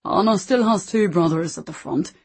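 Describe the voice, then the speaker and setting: A woman's voice: lowish voice, moderate pace, gravelly, a little mellow, husky. A woman voicing a terse innkeeper man. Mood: grave.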